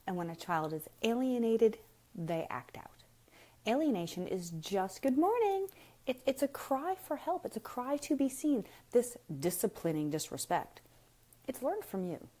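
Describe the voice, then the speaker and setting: Her voice is fairly high and sing-song yet dark in tone, and she keeps a measured pace. On a casual live stream, this woman speaks directly to viewers in a frank, emphatic parenting talk filled with rhetorical questions.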